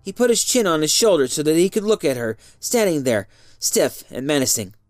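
A narrator giving an expressive reading of a story. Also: mid-range voice, brisk, dry recording, clean studio sound, soft background music.

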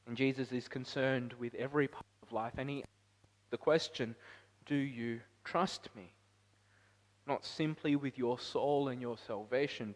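A man preaching a sermon as pastor, climbing to loud emphatic peaks and then dropping to quiet, reflective lines. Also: medium pitch. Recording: long hall reverb.

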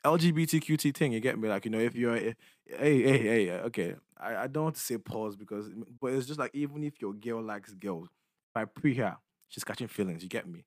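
A man's voice: mid-range voice, lively intonation, fairly quick, no echo, studio quality. A young man, rambling casually as host of his own solo podcast, slangy and loose, often checking in with his listeners. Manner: loose, slangy, rambling, keeps asking "you get me".

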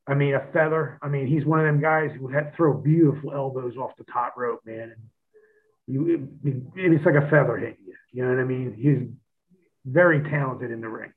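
A man's voice: medium pitch, moderate pace. A man, a former pro wrestler, chatting as a guest and telling stories with a lot of swearing, acting out what he said back then. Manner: profane, animated storytelling, acts out his own past lines. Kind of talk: casual podcast chat. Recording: tinny phone line.

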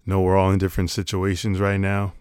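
A man's voice: low-pitched, completely flat delivery, fairly quick, a little mellow, clean tone, dry recording, studio quality. A man talking to camera in a casual comedic monologue, sarcastic and rambling, swearing casually. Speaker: vlogger.

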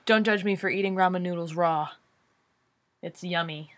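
A woman's voice: fairly low pitch, fairly even intonation, moderate pace. Young adult woman, podcast co-host, upbeat teasing banter. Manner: playful, enthusiastic, teasing. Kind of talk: casual chat.

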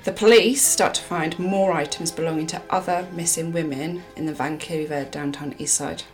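A woman from England telling a true crime case in a casual chat, with dramatic pauses. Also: deep voice, steady tone, soft background music.

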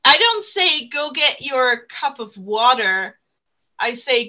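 A woman's voice: high voice, very animated, slow, pushed and bright, muffled recording. A woman chatting as a podcast guest, bubbly and self-mocking, laughing often. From non-native speaker living in England. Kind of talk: casual chat.

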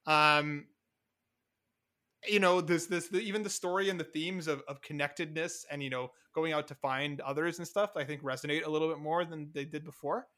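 A man hosting a podcast in casual chat, excitable and quick, swearing now and then. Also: a little high. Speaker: podcast host.

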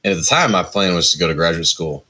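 Musician guest, male, 40s, deep voice with a bright edge; loose, hedging storyteller. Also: expressive, quick pace, breathy edge. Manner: rambling, lots of hedges and restarts. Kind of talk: casual interview storytelling.

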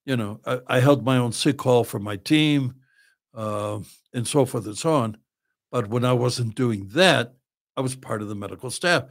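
A man in his seventies, a podcast guest, telling lively stories with lots of laughing and swearing. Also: medium pitch, normal speed. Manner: animated, laughs often, swears freely. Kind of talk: casual storytelling.

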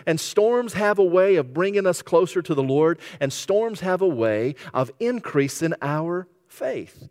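A man preaching a sermon as pastor, telling stories and dropping to a hushed voice when he quotes. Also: sits high, lively intonation, measured pace, few pauses. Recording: reverberant hall.

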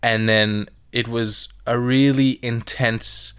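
Man, casual film chat, emotional, animated storyteller, mid-pitched voice. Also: slow, clean tone. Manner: emotional, animated storytelling, quotes scenes softly. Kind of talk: casual movie discussion.

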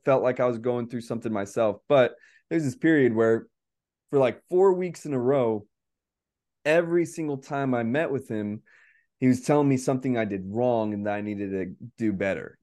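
A man's voice: mid-range voice, a little mellow. Rambling man with frequent "like". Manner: rambling, laughing, heavy use of "like". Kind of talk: casual conversation.

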